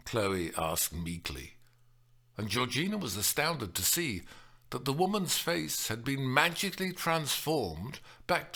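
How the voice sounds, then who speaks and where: A man narrating an audiobook novel in a measured, expressive way. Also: on the low side.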